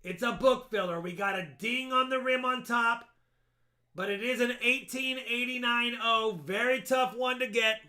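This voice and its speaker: A man's voice: very high voice, normal speed, sharp tone. A man hosting a live coin auction stream, chatting casually and joking about the coins as he shows them. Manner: chatty, jokey, talks coin grades and dates.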